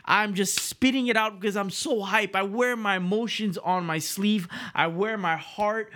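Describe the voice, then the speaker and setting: A man's voice: high voice, steady tone, normal speed, sharp tone. A man hosting his podcast alone, hyped and emotional, swearing freely as he rants. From Miami, Florida. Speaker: podcast host. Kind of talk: excited solo podcast monologue. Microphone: video call. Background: hip hop music.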